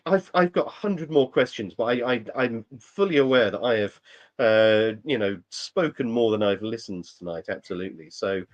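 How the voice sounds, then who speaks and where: A man's voice: fairly low pitch, lively intonation, moderate pace, dull audio. A man hosting an interview, asking long, rambling questions with plenty of restarts. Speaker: podcast host. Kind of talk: casual conversational interview.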